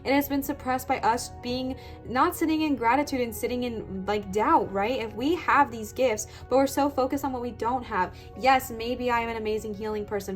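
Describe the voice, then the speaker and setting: A woman's voice: on the high side, normal speed, hardly any pauses, faint music behind. A young woman giving a pick-a-card tarot reading in an earnest, emphatic way, close to tears and repeating affirmations. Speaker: tarot reader.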